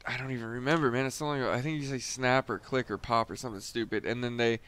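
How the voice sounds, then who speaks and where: A young man tells a story in a relaxed vlog style, loose and a bit profane. His voice is smooth and clean at a middle pitch. He gets animated as he goes and chuckles along the way. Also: fast talker. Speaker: storyteller, former Marine recruit.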